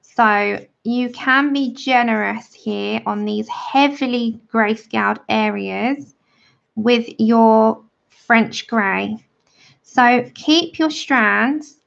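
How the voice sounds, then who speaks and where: A woman's voice: a little high, takes it slowly, gravelly, a bit bright. A woman giving a chatty, friendly drawing tutorial on a livestream. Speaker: art tutor. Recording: dull lo-fi livestream audio.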